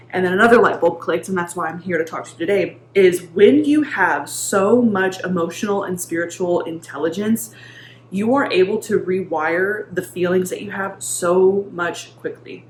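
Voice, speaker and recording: Chatty thirtysomething woman vlogging, lowish voice, echoey room with faint hiss. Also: normal speed. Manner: chatty, with many fillers. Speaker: mindset coach and vlogger. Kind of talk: casual talk-to-camera vlog.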